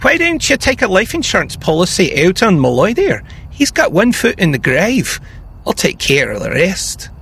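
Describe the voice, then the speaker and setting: A man putting on a rough attempt at an Irish accent to voice a gangster offering to kill a frail man. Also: sits high, huge pitch swings, moderate pace, a bit bright, a little hiss or hum, voice pushed up, exaggerated voice. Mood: offhand. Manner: a stab at an Irish brogue that drifts toward Scottish. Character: tough-talking gangster man offering a deadly favor.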